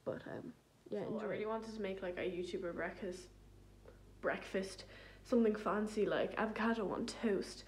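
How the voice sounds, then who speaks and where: A woman's voice: mid-range voice, normal speed, slight background noise. A young woman, chatting casually and rambling with self-deprecating humor in a vlog filmed on her phone at home. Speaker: vlogger. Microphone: phone camera.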